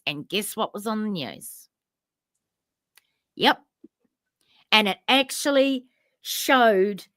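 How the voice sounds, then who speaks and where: Bright, lively New woman storyteller. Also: a little high, no echo, clean studio sound. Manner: animated, acts out both sides of remembered conversations. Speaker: podcast co-host. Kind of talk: casual storytelling chat.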